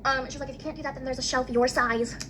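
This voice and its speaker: A woman's voice: high voice, steady tone, fast talker, a bit bright. A young woman telling an angry, profane story at speed, full of "like" and acted-out quotes. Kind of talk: casual storytelling rant. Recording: faint ambient noise.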